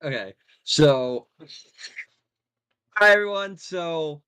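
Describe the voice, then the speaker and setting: A male tabletop player chats in an easygoing way. His slightly higher voice is smooth and clear. He speaks slowly, in no hurry. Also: expressive, bright, forceful tone. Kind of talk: tabletop game chat.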